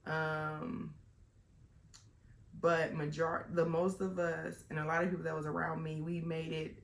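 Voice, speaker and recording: A woman's voice: sits low, little pitch movement, measured pace, vocal fry, echoey room. A woman vlogging a personal story in a chatty, rambling way, full of fillers and restarts.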